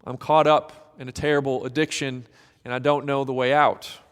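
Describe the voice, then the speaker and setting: A male pastor preaching a sermon, dramatic and expressive, sometimes acting out the voices of people in the story. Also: medium pitch, normal speed, clean tone, long reverb tail.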